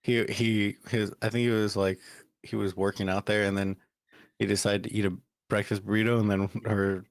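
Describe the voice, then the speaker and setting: A man's voice: fairly low pitch, little pitch movement, normal speed, dry recording. Laid-back man telling rambling stories. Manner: rambling storyteller, many fillers, laughs often. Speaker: podcast co-host. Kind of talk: casual chat.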